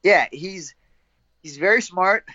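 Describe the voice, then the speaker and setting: A young man being interviewed as a fighter, laughing often and telling animated stories with quoted voices. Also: sits high, takes it slowly, slightly rough, no echo, lo-fi sound. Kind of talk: casual interview chat.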